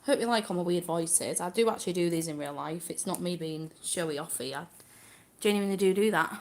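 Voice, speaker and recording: A woman's voice: lowish voice, a little fast. A chatty young woman, giggling as she reads viewer comments aloud during a casual live stream from home.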